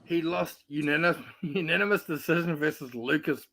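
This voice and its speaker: A man joins a casual boxing watch-along, stumbling through ums while insisting on a fighter's record. His voice sits somewhat high. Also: moderate pace, fairly bright tone. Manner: hesitant, full of ums, keeps insisting on stats. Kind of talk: casual group chat.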